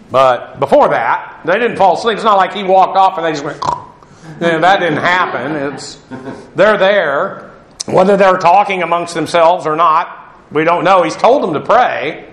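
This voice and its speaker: A man's voice: fairly high pitch, moderate pace, fairly bright tone. A man giving a Bible lesson, explaining Greek words and spelling them out letter by letter. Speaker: Bible teacher. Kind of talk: classroom Bible lecture. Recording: echoey room.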